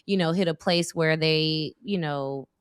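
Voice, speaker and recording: A woman's voice: sits low, measured pace, clean tone, no room sound, studio quality. A woman in her thirties, a guest in a casual chat, telling stories with lots of acted-out quotes. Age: 30s. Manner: animated storyteller, acts out quotes.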